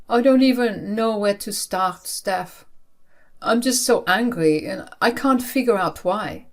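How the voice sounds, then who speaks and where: A man's voice: high-pitched, a little slow. A woman voicing a grieving young man who is angry at his late father and confides in a broken, pained way. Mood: distraught.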